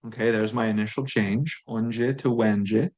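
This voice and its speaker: A man teaching a recorded language lesson, explaining grammar in a relaxed way and repeating words slowly for learners. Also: fairly low pitch.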